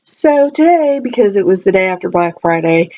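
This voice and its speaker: Talking fast in a fairly low, darkish voice, a vlogger chats her way through a home haul video full of tangents and false starts. She might be coming down with a cold and quotes herself in playful voices. The highs in the audio are cut off.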